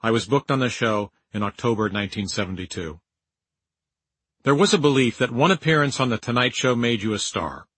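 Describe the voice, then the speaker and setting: An older man reading his own memoir aloud in a dry, wry, measured storytelling manner. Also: medium pitch, lively intonation, fairly bright tone, slightly rough, no room sound, rough recording. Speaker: memoir narrator. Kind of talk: audiobook memoir narration.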